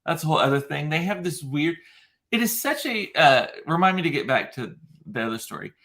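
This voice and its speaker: A man's voice: a little high, animated, brisk, fairly bright tone. A man, telling a rambling, gossipy story in a casual vlog, full of campy asides and mocking impressions. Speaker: vlogger. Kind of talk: casual chat.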